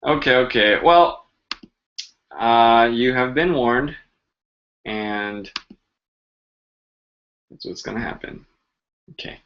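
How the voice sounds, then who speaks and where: A man's voice: medium pitch, slow pace, pauses often, muffled recording. A man hosting a casual live-stream language lesson, chatty and joking as he answers viewers' questions.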